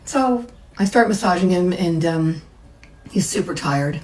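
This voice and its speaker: A woman's voice: on the low side, expressive, unhurried, a little mellow, poor audio. A middle-aged woman, a massage therapist, telling a personal story in a chatty way and acting out the people she quotes. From United States.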